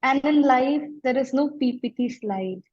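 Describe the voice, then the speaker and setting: A woman wellness coach answering interview questions in a slow, soothing, deep voice. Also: no echo, lo-fi sound. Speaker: emotional wellness coach, guest.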